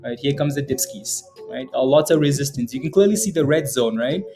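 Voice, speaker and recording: A man's voice: medium pitch, brisk, over music. A man hosting a live day-trading stream, chatting and joking over stock charts and tagging "right?" onto many lines. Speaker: day trading livestream host.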